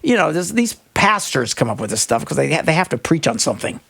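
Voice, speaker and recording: Animated older man ranting on radio. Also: fairly high pitch, fast talker, gravelly. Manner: animated, exasperated rants with bursts of laughter. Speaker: radio show host. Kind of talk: casual on-air chat.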